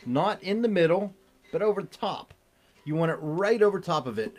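A man teaching a relaxed guitar lesson, explaining in an easygoing way while he plays. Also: high-pitched. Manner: slow, easygoing, demonstrates while talking. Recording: loud guitar under the voice. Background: loud cigar box guitar playing.

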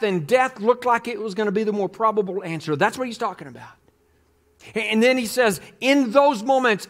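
A man's voice: sits high, a bit bright. A male pastor giving a sermon, speaking earnestly and reading scripture aloud.

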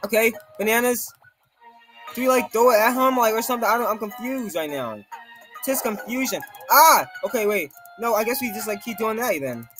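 A man giving jittery, excitable live gameplay commentary, talking to himself and to viewers and exclaiming nervously throughout. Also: high-pitched, fairly quick, soft background music. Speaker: gaming video creator.

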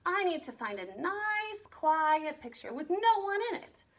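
A woman reading a storybook aloud and voicing a lively, determined young girl who loves to paint. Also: sits high, measured pace, exaggerated voice. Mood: cheerful.

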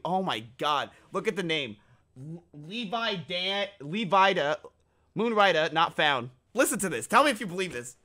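A man's voice: high-pitched, very animated, moderate pace, bright, forceful tone. A young male streamer in casual chat, mocking and profane, often laughing at his own jokes.

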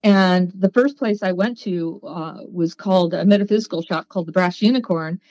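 A woman guest on a podcast, telling her story in a lively way and acting out the voices of people she quotes. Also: on the low side, moderate pace, no room sound, poor audio. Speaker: guest, psychic.

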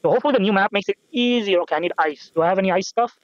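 Talking rapid-fire in a high voice, this young gameplay commentator rambles, puts himself down, curses casually and thinks out loud. The sound is lo-fi, without echo.

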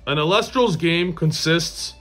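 Over soft background music, a young man with a fairly high, slightly bright voice hosts a gaming vlog for YouTube. Fast-talking, excited, and bragging, he walks through how a card game works.

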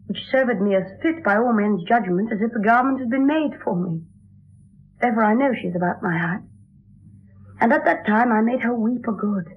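A lovelorn young noblewoman disguised as a boy page, as an actress plays her, earnest and wistful in measured verse. The voice sits a little high for a woman, and the old radio play comes through thin and tinny. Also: lightly acted. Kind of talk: 1960s radio drama verse acting. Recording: tinny lo-fi 1960s radio broadcast.

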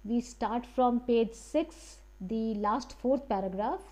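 Woman English teacher, fairly high and mellow voice, steady reading with plain explanations. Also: takes it slowly. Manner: reads passages aloud and paraphrases them plainly.

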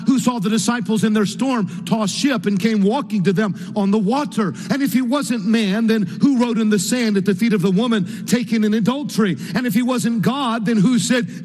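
High-voiced man preaching in a reverberant hall. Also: moderate pace, few pauses, darkish tone. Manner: repetitive rhetorical questions, building cadence; occasional "uh" fillers. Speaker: pastor. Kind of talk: sermon.

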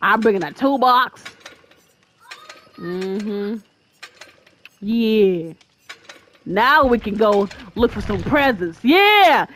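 A woman giving loud, excitable gameplay commentary, cheering her teammates on and trash-talking the opponent. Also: mid-range voice, extremely slow, pauses often, a little hiss or hum. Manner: trash-talks the killer. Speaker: gaming video creator. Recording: loud game music behind the voice.

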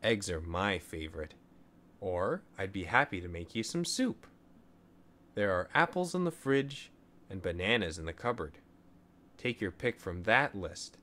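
A man voicing a patient but firm mother in a children's storybook, speaking calmly and plainly. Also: sits low, measured pace, exaggerated voice. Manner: calm, firm and plainly spoken. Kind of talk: storybook reading.

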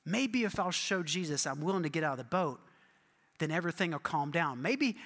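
A man's voice: sits high, sharp tone. A man preaching who acts out a frightened, impulsive fisherman disciple, pleading and panicky, in a church hall with long reverb. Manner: pleading, then panicky and breathless.

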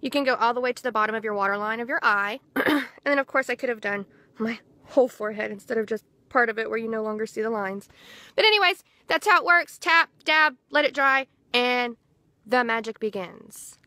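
Bright, chatty woman demoing skincare. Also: on the high side, fairly even intonation, brisk, no echo. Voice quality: often clears her throat. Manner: chatty, talks viewers through each step. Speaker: skincare product seller. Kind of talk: casual product demonstration vlog. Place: outdoors in the wind.

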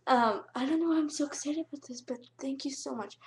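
A woman's voice: high voice, fast talker, slight background noise. A teenage girl thanking her subscribers in a casual vlog, gushing, giggly and close to tears. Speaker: vlogger.

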